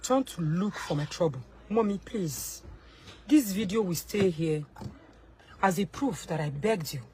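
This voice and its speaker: A young Nigerian woman with a Nigerian accent scolds and warns in an angry rant straight to camera, shifting between shouts and low pleading. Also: lively intonation, a little slow, a little hiss or hum, poor audio. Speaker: social media personality.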